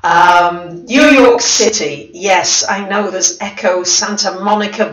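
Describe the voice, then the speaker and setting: A woman chats casually on her livestream, slow-paced and easily excited as she greets her viewers. Her voice sounds far from the mic. It rings in a very echoey room. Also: medium pitch. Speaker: astrologer livestream host.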